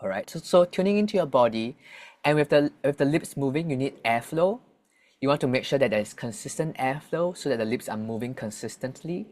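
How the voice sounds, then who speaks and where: Singapore voice coach guy, patient, explains stuff slowly, keeps restarting his sentences. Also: medium pitch, expressive, a little mellow. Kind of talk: interview explanation.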